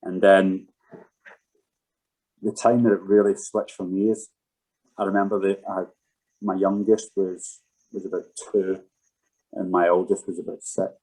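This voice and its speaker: A former footballer appearing as a podcast guest, a man who sounds in his thirties, recounts a personal story candidly and conversationally, swearing freely. His voice is somewhat low and darkish, level in tone and unhurried with long pauses, and the audio quality is poor.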